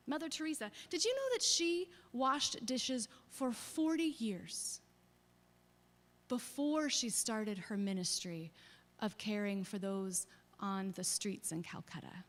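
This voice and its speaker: A woman pastor giving a sermon, retelling scripture stories in a storytelling manner, her phrase endings often falling away softly. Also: medium pitch, unhurried. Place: church sanctuary. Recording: long reverb of a church sanctuary.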